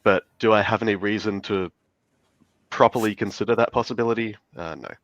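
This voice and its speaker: A man with a sick, nasal voice speaking in a halting way as a debate guest, with many fillers. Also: on the low side, fairly even intonation, a bit bright, no room sound. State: sick, stuffy. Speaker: debate participant. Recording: dull, dry lo-fi mic.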